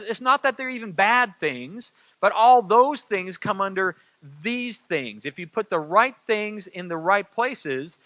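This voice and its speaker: A middle-aged man preaches a sermon in a conversational, repeating style, often turning to the congregation for agreement. His voice sits high and sounds bright and forward. The sound is dry and close, with little room around it. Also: no echo. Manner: conversational, repeats phrases, asks "right?" of the crowd. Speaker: pastor.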